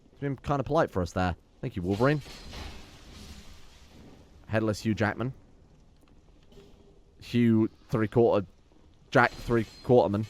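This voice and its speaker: A man's voice: on the low side, a little slow, long pauses. A man giving sweary, sarcastic let's play commentary while playing a game. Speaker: gameplay commentator.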